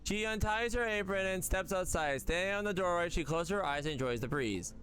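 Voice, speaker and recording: A man's voice: high-pitched, expressive, brisk, a bit bright. A man streaming a game, reading its dialogue and narration aloud with frequent stumbles and self-corrections. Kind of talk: casual reaction stream, reading text aloud. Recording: faint music underneath.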